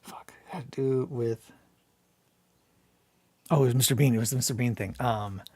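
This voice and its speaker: Brief: male stream host, gravelly mid-pitched voice, loose rambling chat, quick laughs and casual swearing. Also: a little mellow. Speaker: hobby livestream host.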